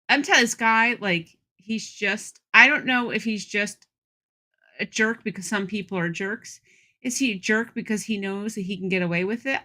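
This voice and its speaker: A woman co-hosting a casual talk show, telling stories and acting out the reactions of the people in them. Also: medium pitch. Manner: animated, acts out quoted reactions. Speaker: co-host. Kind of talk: casual chat.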